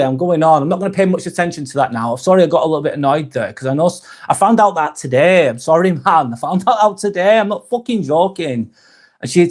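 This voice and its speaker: A man chats to his live-stream audience in a slightly raised voice. He reads out viewers' comments, curses freely and apologizes often. His talk is loose and unscripted. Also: a little high. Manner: swearing, angry rant then apologetic. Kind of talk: casual live-stream chat reading comments.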